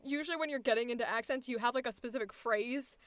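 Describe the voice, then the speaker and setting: A young woman with a high, bright voice, talking in a giggly, rambling way full of fillers. The sound is dry and close, with no room around it, as she chats casually during a coaching session. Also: fast, dry recording. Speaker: voice actor being coached. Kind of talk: casual chat.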